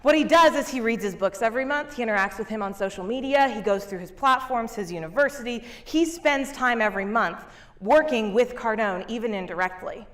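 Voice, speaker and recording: A woman's voice: fairly high pitch, brisk. Upbeat woman giving a keynote. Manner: energetic, laughing, talks to the crowd. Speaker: keynote speaker and business coach. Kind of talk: motivational keynote talk. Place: conference stage.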